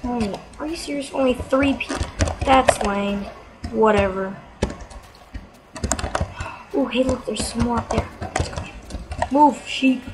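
A woman giving casual, chatty gameplay commentary as a let's player, quick to exclaim and mock herself. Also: fairly high pitch. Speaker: let's play gamer. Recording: noisy homemade mic recording.

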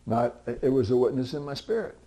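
A middle-aged man gives a folksy sermon full of homespun stories. His voice sits at a medium pitch. He keeps slipping into the voices of the people he talks about, and at times he rises into loud, high-pitched pleading before easing back down. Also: brisk. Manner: conversational storytelling, voicing other people in dialogue; swings to loud, high, pleading outbursts for emphasis. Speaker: pastor.

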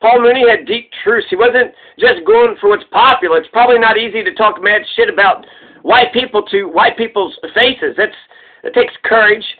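A man's voice: sits high, normal speed. A man rambling in a casual, profane and joking way while he comments on a comedian. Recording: tinny phone-like sound.

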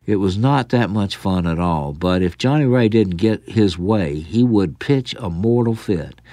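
A man's voice: deep voice, warm tone, no room sound. A man from the South, reading his own short story in a dry, wry storytelling manner. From American South. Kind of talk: storytelling narration.

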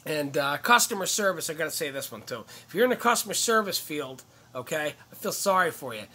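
A man's voice: on the high side, lively intonation, a little fast, pushed and bright, breathy edge. A man comedian ranting casually to camera, profane and rambling, jumping from one gripe to the next. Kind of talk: casual vlog rant to camera.

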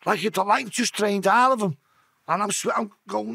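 A man appearing as a podcast guest shares an emotional story, blunt and full of profanity, in a casual conversation. He has a high-pitched, sharp voice with vocal fry and a breathy edge, delivered at a moderate pace.

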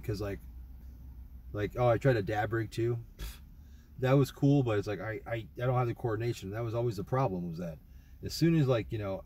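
A man's voice: fairly low pitch, a little mellow, breathy edge. A young man casually rambling through a trip report, swearing often and full of fillers and restarts. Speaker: vlogger.

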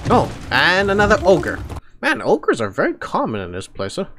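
Excitable man narrating gameplay, high lively voice. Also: normal speed, noisy background. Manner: excitable, laughs and shouts a lot, playful trash talk. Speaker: gameplay streamer. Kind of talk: gameplay commentary. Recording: game music behind voice.

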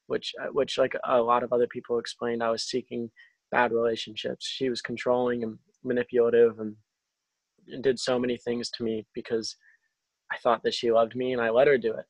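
Young man, faith testimony, video call, halting with restarts, dry close sound. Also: mid-range voice, little pitch movement, no echo, poor audio. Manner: halting, with frequent restarts and fillers. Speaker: testimony speaker.

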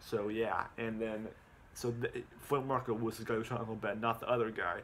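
Halting, rambling man recapping a movie. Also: fairly low pitch, flat delivery, a bit bright, a little hiss or hum. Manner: halting, full of ums and repeated words. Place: at home.

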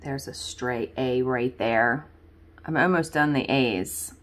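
A woman's voice: very deep voice, slow pace. A woman chatting casually to viewers as she works on a craft, rambling with lots of fillers and laughs. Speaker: craft video host. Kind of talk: casual chat while crafting.

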